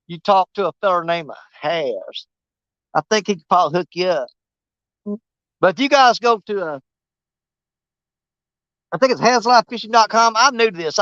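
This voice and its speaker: High-voiced joking man. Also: fairly bright tone, clear, resonant tone, dry recording, highs cut off. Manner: rambling, joking, self-mocking. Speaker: fishing channel host. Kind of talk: casual outdoor vlog talk. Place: outdoors while fishing.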